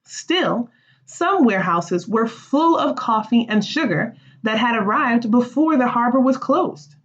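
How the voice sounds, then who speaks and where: A woman teacher reading a play aloud for fourth graders, with expressive, animated delivery. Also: fairly high pitch, a little slow, highs cut off.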